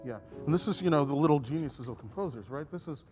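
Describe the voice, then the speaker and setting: A man's voice: on the high side, lively intonation, quick pace. Man coaching a piano student. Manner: encouraging, sings phrases and counts beats aloud. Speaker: piano teacher giving a masterclass. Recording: slightly dull recording with piano. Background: piano playing.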